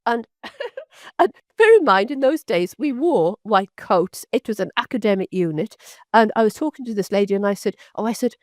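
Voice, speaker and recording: A woman's voice: mid-range voice, big pitch swings, darkish tone, no room sound. An older woman from Britain tells long anecdotes in a guest interview. Her delivery wanders, with plenty of false starts and repeated words. The sound is close and dry, with no room in it. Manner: rambling, halting with many restarts. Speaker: physician guest. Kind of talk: storytelling interview.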